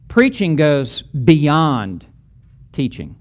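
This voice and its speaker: A man's voice: sits high, expressive, slow pace. A middle-aged man teaching a lecture on preaching, building emphatic, rhythmic lists of repeated phrases.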